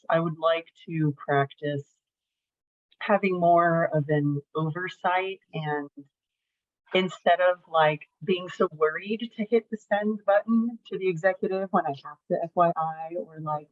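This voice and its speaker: A woman's voice: lowish voice, no room sound. A woman on a video call talking chattily about handling bad news at work, with small laughs and fillers. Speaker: program participant. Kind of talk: casual testimonial on a video call. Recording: dry, phone-like call audio.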